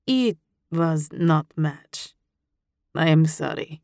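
A calm Russian man with a very low voice, put on by a woman narrator, speaking slow, halting broken English in an audiobook. His heavy Russian accent stays steady and caring. The recording is dry and close. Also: no room sound, heavily acted.

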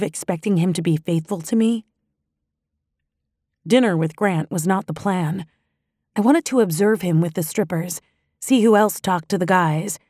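A woman narrating a first-person audiobook in a measured, even storytelling manner. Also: fairly low pitch, no room sound, clean studio sound.

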